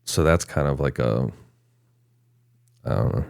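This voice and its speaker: A man's voice: rumbling low, a little slow, gravelly, a little mellow, clear, resonant tone, no room sound, studio quality. A man co-hosting a casual podcast, reading from research notes and chuckling now and then. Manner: reads notes in long stretches, breaking into chuckles. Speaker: podcast co-host.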